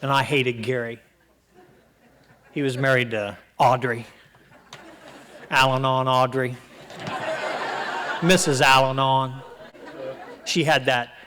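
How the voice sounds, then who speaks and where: A middle-aged man from Ohio speaking at a recovery meeting, telling his story in an animated way and acting out the dialogue in voices. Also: mid-range voice. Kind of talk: storytelling talk to an audience.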